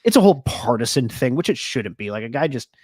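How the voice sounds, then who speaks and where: A man's voice: mid-range voice, big pitch swings, fast talker, darkish tone, no echo. Male podcast co-host, earnest, trails off, dry close sound. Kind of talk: casual sports podcast chat.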